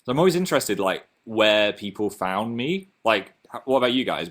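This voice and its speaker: A man's voice: on the low side, very animated, moderate pace, fairly bright tone. A young man with a Northern English accent, casually chatting on his own livestream and reading out viewer comments in a chatty, self-mocking way. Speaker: livestream host.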